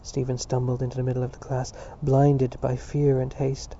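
A man narrating a literary audiobook in a steady, sober reading voice, on a dull lo-fi recording. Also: medium pitch, normal speed, a little hiss or hum.

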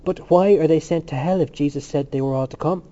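A man voicing a brash, scornful young male student who argues loudly, in a muffled recording. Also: fairly high pitch, close to an everyday voice. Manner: provocative, loud and quick to argue.

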